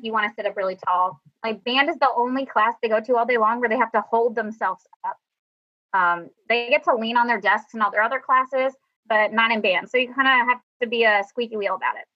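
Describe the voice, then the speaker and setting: Chatty band teacher woman, dull call audio. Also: a little high. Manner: chatty, self-deprecating, upbeat. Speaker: middle school band director. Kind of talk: teacher presentation over screen share.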